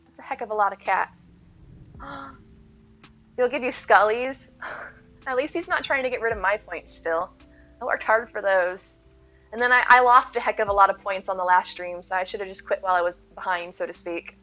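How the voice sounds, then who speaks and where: Bright, chatty woman streamer. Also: mid-range voice, moderate pace. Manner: chatty, laughs often, thanks viewers. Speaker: game streamer. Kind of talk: casual live-stream chat. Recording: slightly dull audio with faint music.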